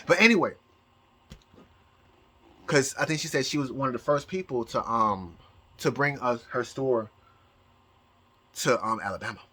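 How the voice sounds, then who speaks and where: A man's voice: medium pitch, normal speed, pauses often, pushed and bright, husky. A man vlogging from home in a rambling casual monologue, stumbling over repeated words and restarting sentences. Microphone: camera mic, showing objects.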